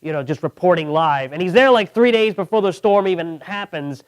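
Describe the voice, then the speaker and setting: A man's voice: high voice, animated, brisk, smooth, lo-fi sound. A man performing a stand-up comedy set, self-deprecating and acting out the voices of people in his jokes. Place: comedy show studio with audience.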